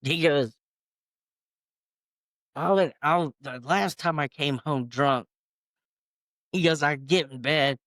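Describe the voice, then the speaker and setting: A woman's voice: sits low, slow pace, pauses often, no room sound, clean studio sound. A woman in her fifties, a singer and guest, who tells funny stories in casual chat, laughing, swearing and acting out quotes. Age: 50s. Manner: laughing, swearing, animated quoting.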